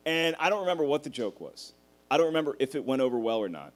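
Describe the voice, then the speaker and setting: Raised-pitch male stand-up comic. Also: very fast. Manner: animated storytelling, swearing, laughing at his own jokes. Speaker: stand-up comedian. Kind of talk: stand-up comedy set.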